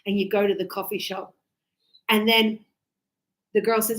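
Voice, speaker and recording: A woman teaching an English class in a chatty, lively way, acting out everyday conversations. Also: mid-range voice, normal speed, echoey room, rough recording.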